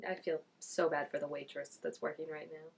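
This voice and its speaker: Husky young woman with vocal fry. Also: deep voice. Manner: chatty, expressive, quick asides and quoted voices. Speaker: reaction vlogger. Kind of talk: casual reaction commentary.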